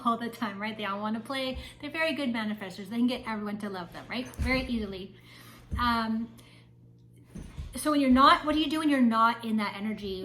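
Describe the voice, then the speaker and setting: A chatty woman talks casually to the camera as a spiritual mentor, and she keeps checking in with "right?". Her voice sits somewhat high. A faint hiss runs under the recording. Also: low-quality recording. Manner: chatty, often adds "right?". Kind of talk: casual vlog talk to camera.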